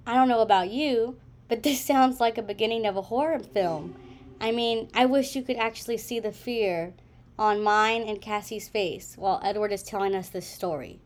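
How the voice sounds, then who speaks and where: A woman's voice: mid-range voice, moderate pace. Young woman narrating wryly. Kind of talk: scripted narration.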